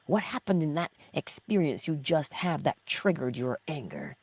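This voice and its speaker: A woman hosting a motivational spiritual talk, asking rhetorical questions and answering them herself, sometimes dropping to a hushed whisper. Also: low-pitched, sing-song, moderate pace, hardly any pauses, husky, dry recording. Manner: drops into hushed, whispered emphasis. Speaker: host of a morning inspiration livestream.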